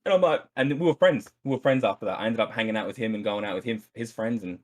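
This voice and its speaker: Australian man, low and rapid, husky, casual guest telling a yarn on a podcast call. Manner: rambling, swears freely, many fillers. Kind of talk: casual storytelling.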